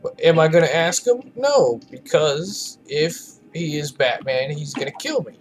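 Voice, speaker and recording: Slow-talking rambling gamer guy. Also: fairly high pitch, animated, a little hiss or hum. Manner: rambling, profane, opinionated. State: tired. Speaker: let's play gamer. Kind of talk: casual gameplay commentary.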